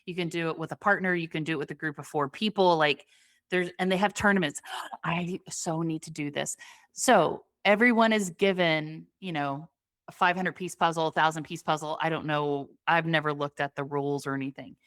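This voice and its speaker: A woman's voice: deep voice, fairly even intonation, a little fast, a bit bright, dry recording, studio quality. A young woman co-hosting a podcast, chatting casually with lots of fillers and frequent laughter. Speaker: podcast co-host. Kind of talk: casual chat.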